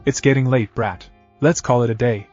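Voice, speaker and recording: A man's voice: mid-range voice, normal speed, darkish tone, soft background music, close to an everyday voice. A man reading the lines of a boastful, lecherous older male ninja uncle. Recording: dull lo-fi audio.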